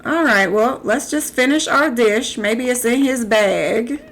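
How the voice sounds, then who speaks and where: Slow-talking woman with a gravelly edge. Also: on the high side. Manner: animated, talks back to game characters. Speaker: streamer. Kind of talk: live gameplay commentary.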